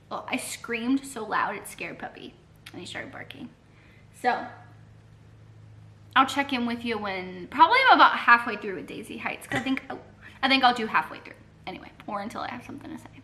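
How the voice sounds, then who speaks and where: A woman with a fairly high, bright voice talks casually for her reading vlog, rambling and gushing with plenty of fillers and restarts. She is filmed on a handheld camera from her couch at home. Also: lively intonation, brisk, long pauses, slight background noise. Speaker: book vlogger. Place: living room couch at home.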